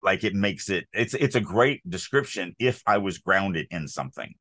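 Male podcast co-host: low, bright, animated, throws himself into quoted lines. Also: normal speed, no room sound. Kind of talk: casual editing discussion.

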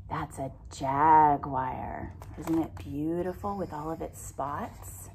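A woman reading a picture book aloud to a young child, gently asking questions along the way. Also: low-pitched, takes it slowly, few pauses, noisy background. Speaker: storyteller for children.

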